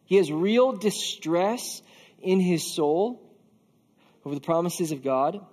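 A man's voice: high voice, lively intonation, slow, a little mellow, long reverb tail. A man preaching a conversational sermon, casual and earnest, often filling with "like". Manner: casual and earnest, with frequent filler "like". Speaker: pastor.

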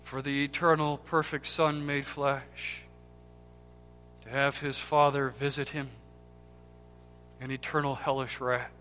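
A man preaching a sermon with impassioned swings between loud cries and hushed, near-whispered words, repeating key words for emphasis. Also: mid-range voice, level tone, takes it slowly, long pauses. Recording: long hall reverb with faint music.

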